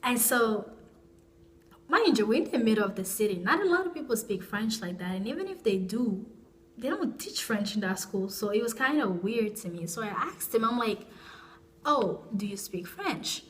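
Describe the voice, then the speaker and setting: A woman's voice: a little high, animated, moderate pace. A young woman vlogger telling a personal story in a casual, rambling way, with frequent restarts and asides.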